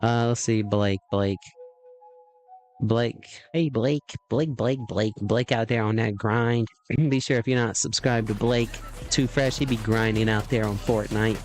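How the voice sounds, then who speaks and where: Man, game streamer, low voice, rambling casual chat, jokey, clears throat a lot, faint music behind. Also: fairly even intonation, normal speed.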